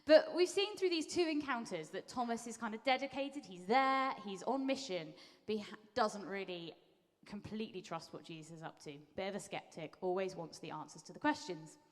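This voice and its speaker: A woman preaching to a congregation in a church hall, chatty and animated as she retells a story. Her voice sits in a middling register. A long reverb trails after her words. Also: mid-range voice, brisk. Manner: lively storytelling, acting out quotes in voices. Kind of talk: conversational sermon.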